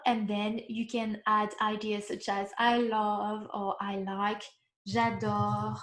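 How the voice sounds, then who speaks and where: Woman, language teacher, slow careful explaining, roomy echo. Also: medium pitch, flat delivery, a bit bright. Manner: patient, explains step by step, checks in with "okay?". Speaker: French teacher. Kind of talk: recorded online lesson.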